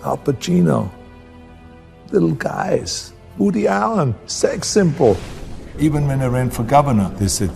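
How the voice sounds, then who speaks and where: A man's voice: on the high side, lively intonation, a little slow, gravelly, warm tone, faint music behind. An older man with a German accent giving a motivational speech, stressing key phrases and repeating them for emphasis. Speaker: public speaker.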